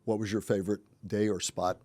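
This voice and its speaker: A man hosting a casual podcast, teasing his co-host in quick-witted banter. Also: lowish voice, little pitch movement, mellow, no echo. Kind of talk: casual conversational chat.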